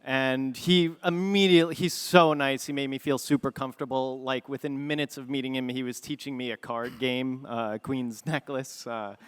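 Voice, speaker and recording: Male panelist, smooth dry voice, rambling, halting delivery. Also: mid-range voice, steady tone, dry recording. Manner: rambling, halting with many fillers. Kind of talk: casual panel anecdote.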